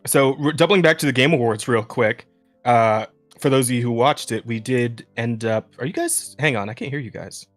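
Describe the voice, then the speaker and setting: A man's voice: mid-range voice, moderate pace, soft background music. A young man co-hosting a podcast in casual chat, rambling with lots of restarts, swearing and laughing often. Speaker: podcast co-host.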